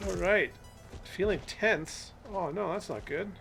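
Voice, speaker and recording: A man's voice: sits high, a little slow, gravelly, a bit bright, soft background music. A man hosting a live game stream, chatting casually and cooing at in-game animals as he plays.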